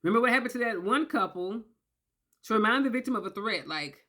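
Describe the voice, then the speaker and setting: A woman giving a casual explainer, emphatic and animated, often checking in with "okay?" and acting out quoted voices. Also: mid-range voice, brisk. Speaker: commentator on narcissistic abuse. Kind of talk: casual talking-head explainer.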